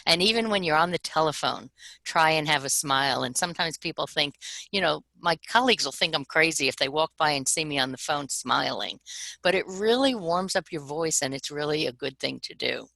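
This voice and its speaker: A woman's voice: sits low, expressive, brisk, creaky, bright, forceful tone, dry recording, poor audio. A woman co-presenting a webinar workshop, talking in a demonstrative way and acting out voice examples for her audience.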